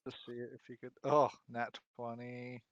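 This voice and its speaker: Player, man, smooth clear voice, hesitant, dry. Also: mid-range voice, level tone, unhurried, no room sound, highs cut off. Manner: hesitant, lots of likes, trails off quietly. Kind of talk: casual tabletop play.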